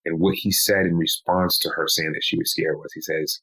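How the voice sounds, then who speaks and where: Deep-voiced man telling a personal story. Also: little pitch movement, fairly bright tone, poor audio. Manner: slow, measured telling with pleading quoted lines. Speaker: guest.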